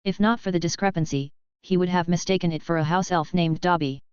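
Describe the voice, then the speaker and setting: Smooth-voiced female audiobook narrator. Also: fairly low pitch, steady tone, brisk, darkish tone, no echo, muffled recording. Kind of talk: scripted narration.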